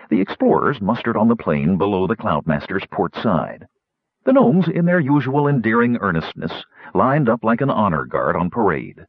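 Low, husky male audiobook narrator. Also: no echo. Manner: measured, expressive storytelling. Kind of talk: scripted narration. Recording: dull, dry recording.

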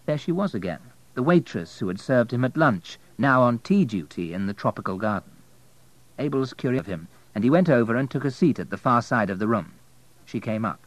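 A man narrating an audiobook in a steady, measured way. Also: fairly low pitch, low-quality recording.

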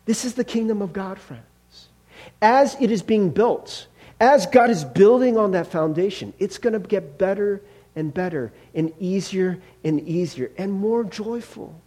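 Animated and warm, a high-pitched male pastor delivers his sermon at a measured pace in a conversational style. He frequently asks "right?" and dramatizes angry drivers' outbursts.

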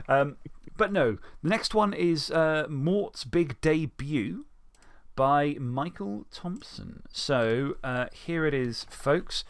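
A man's voice: medium pitch, lively intonation, measured pace, no room sound, studio quality. A man hosting a podcast, chatting casually about stories and reading fiction aloud with light, self-deprecating humor. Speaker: podcast host and story reader. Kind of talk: casual chat and story narration.

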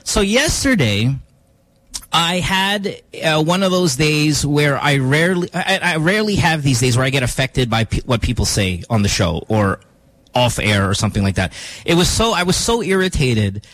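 This is a male radio host, telling a story in quick, animated chat. His voice sits high and swings widely in pitch as he acts out the other people in it. The recording is dry and close. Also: dry recording, poor audio. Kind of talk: casual chat.

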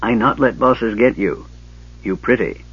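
A man's voice: on the low side, unhurried, fairly bright tone, slightly rough, lo-fi sound, heavily acted. A man voicing a small, simple female gully dwarf who speaks in broken phrases. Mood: pleading, doting.

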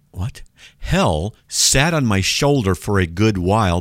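A man's voice: low-pitched, sing-song, takes it slowly, no room sound, studio quality. A man hosting a radio show, reading listener letters aloud and mocking them in a wry, casual way.

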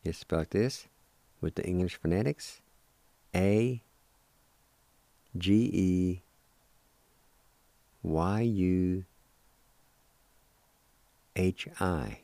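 A man hosting a radio language lesson, spelling and pronouncing each word slowly and patiently, repeating it several times. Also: deep voice, vocal fry, warm tone, no room sound. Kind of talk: slow spelling and pronunciation lesson.

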